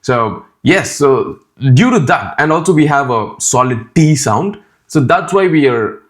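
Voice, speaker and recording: A man with an Indian accent whose first language is Tamil, giving a casual spoken tutorial as a YouTuber in a chatty, direct way, often adding "man" and "right?". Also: mid-range voice.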